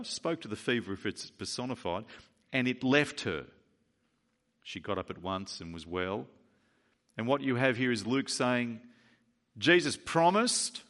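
Guy preaching, emphatic, voice swells up loud then drops, mid pitched. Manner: emphatic, builds to loud declarations; retells scripture with asides and self-corrections. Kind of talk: sermon.

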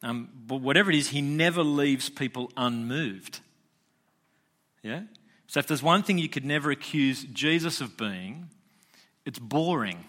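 A man's voice: mid-range voice, a bit bright. A man preaching a casual, chatty sermon as a pastor, joking with listeners and restarting phrases often.

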